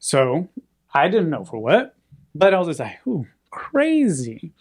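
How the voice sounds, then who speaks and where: A man's voice: on the high side, normal speed, husky. A man telling a story in casual chat, acting out the people in it. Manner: animated, acts out quoted voices.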